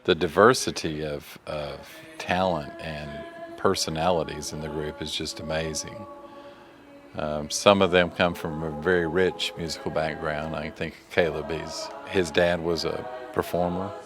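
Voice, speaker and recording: A man who directs a high school choir, talking reflectively and earnestly in a documentary interview. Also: steady tone, a little slow, music in the background. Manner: reflective, earnest explaining with small restarts.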